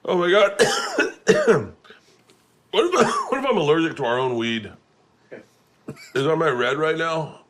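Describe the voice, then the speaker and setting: A man hosting a casual chat, telling loose, rowdy stories with lots of laughter while high. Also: wildly swooping pitch, slow pace, long pauses, fairly bright tone. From United States. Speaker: podcast host.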